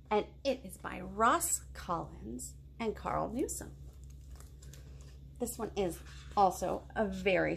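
A woman's voice: a little high, vocal fry, fairly bright tone. A woman children's librarian reading picture books aloud and asking the children questions. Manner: playful, asks the kids questions.

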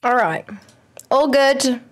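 Chatty, excitable young woman streamer. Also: high voice, slow. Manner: excitable, chatty, talks to the game. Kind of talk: casual game commentary.

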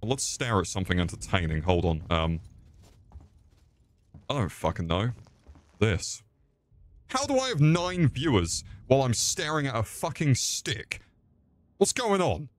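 A man's voice: mid-range voice, sing-song, a little slow, pauses often, no room sound. A young man swearing and mocking himself while streaming a game. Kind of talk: crude live-stream commentary.

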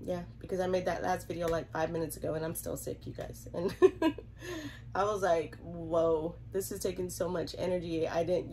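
A woman's voice: fairly low pitch, darkish tone, a little hiss or hum, poor audio. A young woman with a Southern US accent, chatting to camera about her reborn dolls, congested from a cold and giggling often. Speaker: reborn doll collector vlogger. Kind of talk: casual chat to camera.

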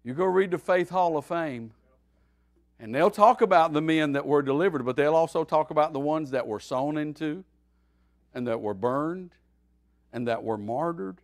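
A pastor teaching a midweek Bible study, his voice sitting a little high for a man. He preaches in a folksy, animated way, pushing loud on his points and dropping to a near murmur between them. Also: moderate pace. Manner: folksy, animated preaching with wide swings in loudness.

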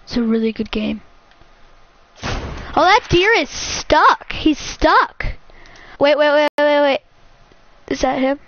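A woman giving casual, excitable commentary while playing a hunting game, repeating words as she talks. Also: high-pitched, slow, pauses often, a little hiss or hum. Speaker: gaming channel host. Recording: muffled lo-fi sound.

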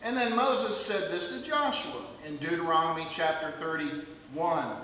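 A male pastor preaching a sermon in a church, emphatic and building to loud declarations. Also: a little high, a little slow, slight background noise. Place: church sanctuary. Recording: echoey hall, voice from far off.

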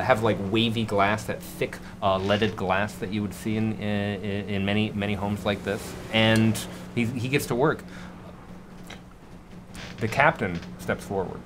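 A man narrating as game master of a tabletop game, hesitant and filling pauses with "uh". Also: on the low side, fairly even intonation, noisy background. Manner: hesitant, many fillers.

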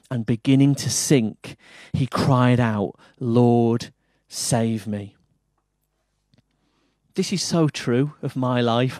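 A man with an English accent preaching a sermon, earnest, moving between firm emphasis and soft quiet lines. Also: mid-range voice, dry recording. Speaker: pastor.

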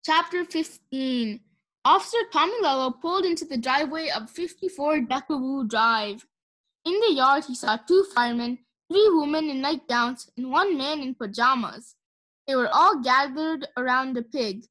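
Expressive woman reading a storybook. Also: high voice, moderate pace. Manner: expressive, does character voices. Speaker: audiobook narrator.

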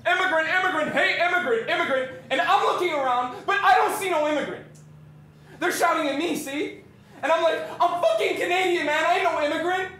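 An actor playing a brash, streetwise young Canadian man who tells a story in slangy speech with shouted bursts, in a stage monologue. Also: high-pitched, a little hiss or hum. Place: theatre stage. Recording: echoey stage from far off.

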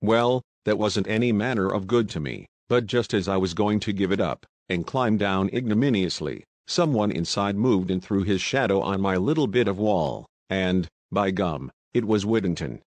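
A man reading a novel aloud as an audiobook narrator, in steady storytelling. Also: lowish voice, normal speed, few pauses, dry recording.

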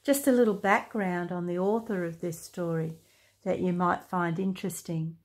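An Australian woman reading a children's story and a devotion in a calm, measured manner. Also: fairly low pitch. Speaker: church story reader.

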